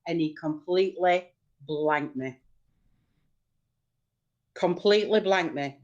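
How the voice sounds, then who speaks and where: A woman's voice: on the low side, slow pace, darkish tone, muffled recording. A woman, a guest on a video call, talking emphatically and agreeing in short bursts. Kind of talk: conversational video call discussion.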